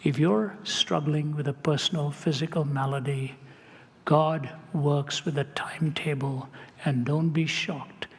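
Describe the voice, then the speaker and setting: A man's voice: fairly high pitch, steady tone, a little slow. A man telling a personal story in a sermon, earnest and conversational, with wry asides. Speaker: Christian speaker. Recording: reverberant hall.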